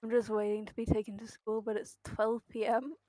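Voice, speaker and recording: A woman's voice: on the high side, flat delivery, a little fast, dark tone, dry recording. A woman streaming a game, chatting casually with her viewers and swearing freely. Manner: chatty, swears freely, talks to chat while playing.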